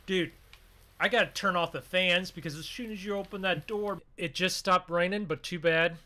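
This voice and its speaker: A man hosting a farming game role-play, talking with excitable, dramatic exclamations. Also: high-pitched, moderate pace. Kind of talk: gaming role-play commentary.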